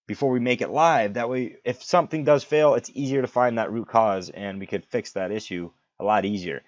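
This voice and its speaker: Chatty man teaching a software tutorial. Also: mid-range voice, a little fast, no room sound, dull audio. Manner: chatty, enthusiastic, reads out numbers step by step. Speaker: network instructor. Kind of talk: screen-recorded software tutorial.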